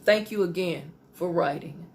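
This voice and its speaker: A woman's voice: on the low side, a little slow, slight background noise. A woman pastor hosting an advice show, reading listener letters and talking in a conversational way, repeating phrases for emphasis.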